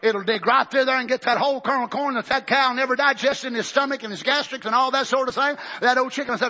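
High-pitched, husky male preacher shouting. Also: fairly even intonation, racing, hardly any pauses, dull audio. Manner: swings from shouting to hushed near-whispers. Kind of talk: fiery Pentecostal sermon.

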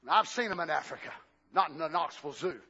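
An older preacher with a high, sharply bright voice, swinging from shouted cries to hushed stretches. The recording is dull and lo-fi. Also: male voice, expressive, breathy edge. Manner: shouting and drawn-out for emphasis, then hushed and low. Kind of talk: sermon.

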